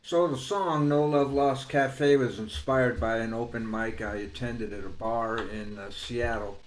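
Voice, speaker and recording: A man, a songwriter and performer, chatting casually before his song in his morning voice, relaxed and rambling with many fillers. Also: mid-range voice, measured pace. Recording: echoey room with loud guitar.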